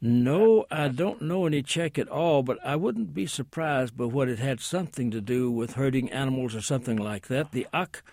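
A man's voice: medium pitch, moderate pace, hardly any pauses, a little mellow, no echo. A man who is a guest language expert on a call-in radio show, explaining at length with many hesitations and asides.

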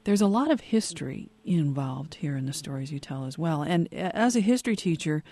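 Radio host asking curious questions, warm mellow tone, chatty. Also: mid-range voice, expressive, brisk. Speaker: interview host. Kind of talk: radio interview.

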